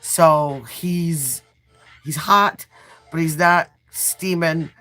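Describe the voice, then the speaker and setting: Woman, Midwestern accent, 30s, low voice, congested, rambling casual livestream chat. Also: drawn-out words, pushed and bright. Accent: Midwestern American. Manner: rambling and chatty with self-deprecating asides. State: congested from a sinus cold. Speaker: nail art livestreamer.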